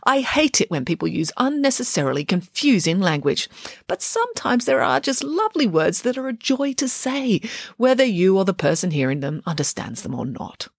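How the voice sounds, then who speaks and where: A woman's voice: mid-range voice, big pitch swings, normal speed, no echo, clean studio sound, voice pushed up. Woman voicing Nanny Piggins, a grand, bossy pig nanny. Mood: grandly explaining. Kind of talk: audiobook character reading.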